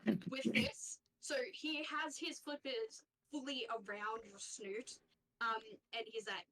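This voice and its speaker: A woman's voice: fairly high pitch, slow pace, pushed and bright, recorded from a distance, poor audio. A woman as game master narrating a tabletop game, rambling with frequent fillers and casual swearing.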